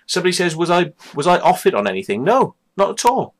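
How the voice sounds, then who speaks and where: A man's voice: fairly high pitch, very animated, brisk. A man telling a personal story to camera, heated and sweary, who keeps checking in with "right?" and "yeah?". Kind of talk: angry personal account to camera.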